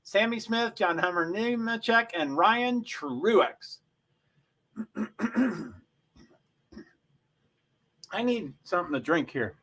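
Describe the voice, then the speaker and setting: A man hosting a casual livestream, rambling through race positions with frequent throat clearing and self-interruptions. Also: sits high, lively intonation, takes it slowly, long pauses, a bit bright. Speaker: livestream host. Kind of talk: casual live race commentary.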